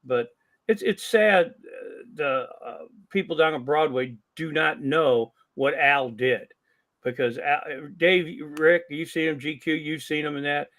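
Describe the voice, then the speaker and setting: Older man spinning lively stories. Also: on the high side, measured pace. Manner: animated storyteller who acts out quoted dialogue. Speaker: guest, longtime wrestling promoter and ring announcer. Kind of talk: casual podcast storytelling.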